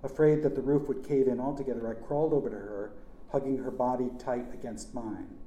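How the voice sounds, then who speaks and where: A man's voice: medium pitch, steady tone, brisk, dark tone, muffled recording. A man narrating a first-person story in a plain, earnest manner. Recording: echoey room.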